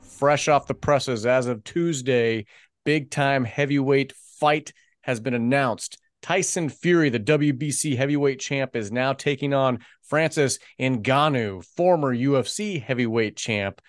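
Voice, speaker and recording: A man's voice: mid-range voice, no echo, clean studio sound. A man co-hosting a casual podcast as its producer, teasing and sarcastic as he tosses questions to his partner. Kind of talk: casual chat.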